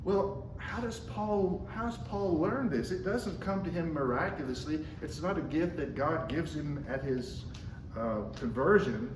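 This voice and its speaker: A man preaching a sermon at a measured pace, slowing down when he quotes scripture. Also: on the high side, distant mic, background noise. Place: church sanctuary. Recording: echoey room, mic from afar.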